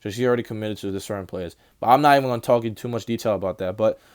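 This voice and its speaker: Smooth young man telling a rambling story. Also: on the low side, very fast, no echo, studio quality. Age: young adult. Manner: rambling, many restarts and quoted dialogue. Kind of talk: casual storytime.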